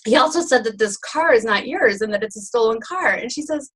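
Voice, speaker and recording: A woman's voice: fairly high pitch, a little fast, hardly any pauses, breathy edge, rough recording. Chatty laughing woman co-host. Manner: chatty, laughs often, animated storyteller. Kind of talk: casual chat.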